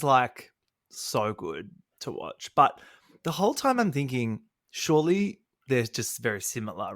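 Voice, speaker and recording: Male co-host, gravelly, dry close mic, gossipy and quick to laugh. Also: mid-range voice, fairly bright tone, no echo. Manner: chatty, catty recapping with frequent laughs. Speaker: podcast co-host. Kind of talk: casual chat.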